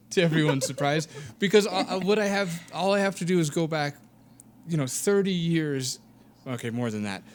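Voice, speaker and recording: Middle-aged man, self-deprecating dry wit, slightly high voice, faint background hiss. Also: normal speed. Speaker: podcast co-host. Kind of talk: casual chat.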